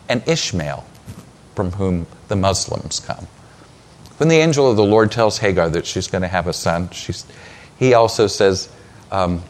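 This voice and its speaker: A man preaching a sermon, retelling scripture as a story with dramatic pauses. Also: medium pitch.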